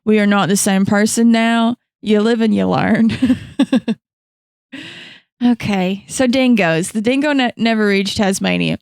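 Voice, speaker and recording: A woman's voice: medium pitch, measured pace, vocal fry, darkish tone, smooth, dry recording, clean studio sound. A woman co-hosting a podcast in casual chat, swearing freely and laughing often. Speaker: podcast co-host.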